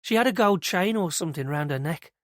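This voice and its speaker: A woman's voice: lowish voice, animated, fairly quick, dry recording, clean studio sound, pitched above the performer's own voice, natural voice. A man voicing a young woman who works at a nursery, telling what she saw in a chatty, hesitant, rambling way. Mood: earnest, unsure. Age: young adult. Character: young British nursery worker, eager, nervous.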